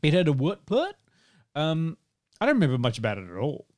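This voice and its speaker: Podcast host, male, casual and animated, voice jumps around a lot. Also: fairly high pitch, brisk. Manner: animated, laughing, rambling. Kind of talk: casual chat.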